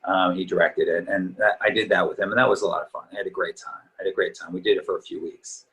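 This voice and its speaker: A middle-aged man with a fairly low voice talks as a guest in a relaxed interview. He rambles in an easygoing, reminiscing way, and his voice sounds a little tired. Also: fast, poor audio. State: slightly tired voice. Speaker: actor guest. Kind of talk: casual interview chat.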